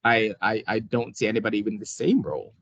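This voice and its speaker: A man's voice: fairly low pitch, steady tone, a little fast, creaky, a bit bright, no echo. A man, an occupational therapist, talking casually as an interview guest, hesitant with many restarts and frequent laughs.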